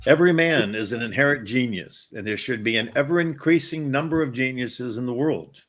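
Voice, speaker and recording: A man's voice: mid-range voice, fairly quick, fairly bright tone. A man taking part in an online class. He reads a passage aloud and then adds his own earnest comments. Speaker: class participant reading aloud. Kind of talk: reading a text aloud and commenting.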